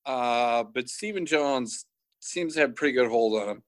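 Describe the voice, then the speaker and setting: A man's voice: mid-range voice, expressive, moderate pace. A man co-hosting a casual podcast, teasing with crude jokes. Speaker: podcast co-host. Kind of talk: casual chat.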